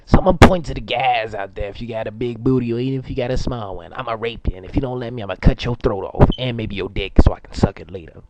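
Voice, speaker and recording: A man's voice: mid-range voice, fast, hardly any pauses, very noisy, close to an everyday voice. A man playing a crude rambling braggart. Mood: boastful. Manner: rambling, profane and stumbling, with many fillers. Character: crude, boastful, foul-mouthed young man. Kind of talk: crude improvised comedy monologue. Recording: muffled lo-fi amateur recording.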